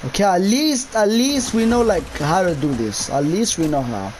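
A man's voice: sits high, lively intonation, moderate pace, darkish tone, slight background noise, low-quality recording. A young man commentating his own gameplay of a horror map, jumpy, swearing a lot and yelping at scares. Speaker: gamer.

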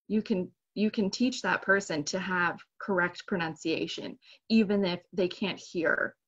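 A woman's voice: fairly low pitch, fairly bright tone, muffled recording. A woman English teacher telling a teaching anecdote in a conversational way during a casual panel discussion.

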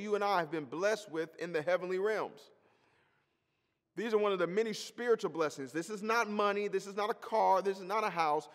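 A man's voice: high-pitched, long reverb tail. A male pastor delivering an emphatic sermon, repeating key phrases for emphasis.

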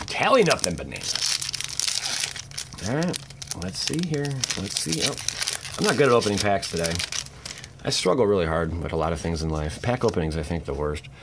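A young man giving casual, jokey commentary as he opens card packs, breaking into sudden loud exclamations. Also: sits low, sing-song, normal speed, gravelly, long pauses, noisy background. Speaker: channel host opening card packs. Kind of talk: casual pack-opening commentary.

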